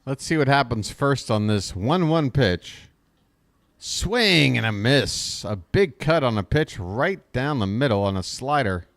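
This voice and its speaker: Lively, animated fan play-by-play man. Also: mid-range voice, a little slow, no echo. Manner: chatty, talks straight to his chat viewers; gets excited on big plays. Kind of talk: live fan play-by-play commentary.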